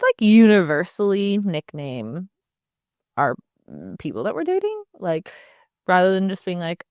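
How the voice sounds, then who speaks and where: A woman chats her way through a solo podcast, animated and quick to laugh. Her voice sits a little low, and the close, dry mic leaves no room sound. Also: dry recording. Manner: chatty and animated, laughs often, jokey asides. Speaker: podcast host. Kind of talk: casual solo podcast chat.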